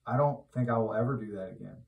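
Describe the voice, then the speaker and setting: A man giving an informal, conversational sermon who grows loud and emphatic when he exhorts. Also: fairly low pitch, fast talker, creaky, phone-quality sound. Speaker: preacher. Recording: roomy echo, mic at a distance.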